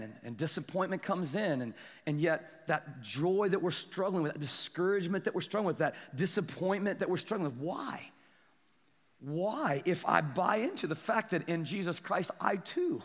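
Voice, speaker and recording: A man preaching a sermon as pastor, animated, moving between loud emphatic peaks and quiet low asides. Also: normal speed, long reverb tail.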